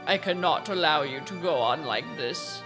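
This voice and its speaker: A woman voicing a stern giant dream judge in a game, reading his lines slowly and gravely. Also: sits low, expressive, over music, voice pushed down.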